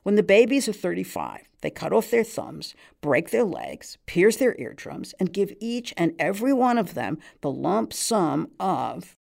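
A woman's voice: on the low side, wildly swooping pitch, unhurried, creaky, few pauses, darkish tone, heavily acted. A woman reading aloud, voicing a weighty older man who speaks with grand, mocking irony. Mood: gleeful. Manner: sardonic, grandly ironic.

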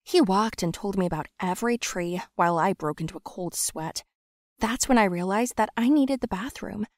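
Young female storyteller, dramatic, confiding first-person narration, mid pitch, dry close mic. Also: dry recording. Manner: confiding and dramatic, swings from hushed to loud.

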